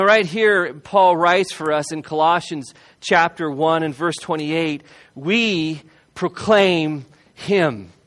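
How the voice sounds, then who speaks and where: Man, pastor, sermon, high voice, earnest, emphatic repetition. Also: sharp tone. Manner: earnest preaching with emphatic repetition and slowed key phrases.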